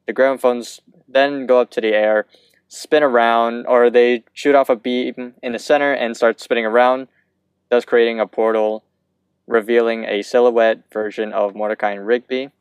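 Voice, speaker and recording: A young man co-hosting a podcast, chatting in an easygoing, halting way with many restarts. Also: mid-range voice, fairly even intonation, clear, resonant tone, no room sound. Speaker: podcast co-host. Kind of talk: casual episode recap chat.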